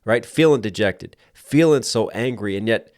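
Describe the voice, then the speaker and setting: Low-voiced man breaking down rap lyrics. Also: lively intonation, normal speed, darkish tone, dry recording, clean studio sound. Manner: analytical; quotes lyrics back and breaks down the rhyme schemes; enthusiastic. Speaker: reaction video host and rapper. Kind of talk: music reaction commentary.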